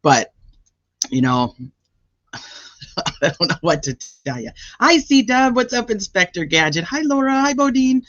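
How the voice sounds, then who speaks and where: A man's voice: high-pitched, very animated, a little slow, long pauses, fairly bright tone, no echo, dull audio. A man hosting a casual livestream and chatting with viewers, with a sore throat. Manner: chatty, greets viewers by name. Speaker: livestream host.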